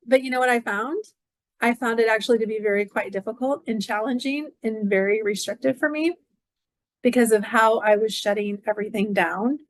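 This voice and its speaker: A woman's voice: a little high, fairly quick, no room sound. Effusive middle-aged woman, dry close voice. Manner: effusive, repeats phrases, many "like" fillers. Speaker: astrology channel host. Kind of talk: casual spiritual monologue.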